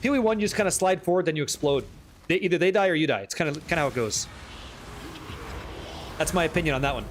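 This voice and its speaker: High-pitched excitable man streaming a game. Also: fast, pauses often, a little hiss or hum. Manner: excitable, profane, teasing chat, reading questions aloud. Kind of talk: live gameplay stream, chatting with viewers.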